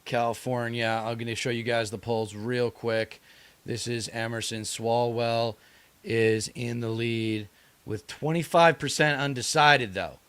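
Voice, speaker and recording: Smooth, flat-voiced low man. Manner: blunt, declarative. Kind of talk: casual political podcast chat.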